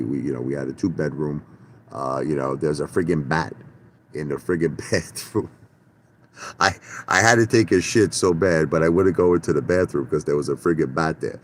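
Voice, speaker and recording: Middle-aged guy in his car, real low voice, swears a lot, keeps restarting, faint hiss behind. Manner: blunt, profane storyteller with many restarts. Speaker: vlogger. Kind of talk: casual rambling monologue. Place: in a parked car.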